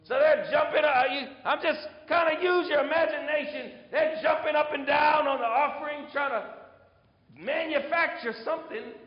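A man preaching a sermon, retelling scripture in animated storytelling and reading verses aloud. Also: extremely high pitch, moderate pace. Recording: echoey hall, dull sound.

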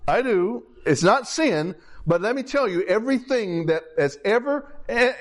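A man's voice: high-pitched, animated, normal speed. A man preaching a sermon in a conversational way, checking in with the congregation and repeating phrases as he builds his points.

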